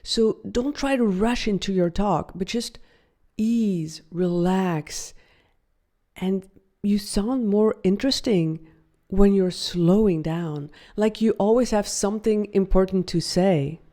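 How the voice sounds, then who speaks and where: A woman voice coach teaching a video lesson, upbeat and demonstrative, slowing her delivery for effect. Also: medium pitch, dark tone.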